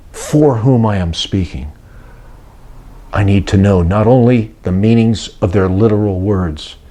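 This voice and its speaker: A man's voice: on the low side, mellow. An older man preaching and retelling a story, acting out the voices of those he quotes. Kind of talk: sermon-style teaching talk.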